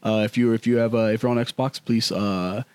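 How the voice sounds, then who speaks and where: A man's voice: lowish voice, fairly even intonation, a little fast, darkish tone, smooth, dry recording. A man in his thirties, a podcast co-host, telling candid stories in casual chat full of slang. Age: 30s.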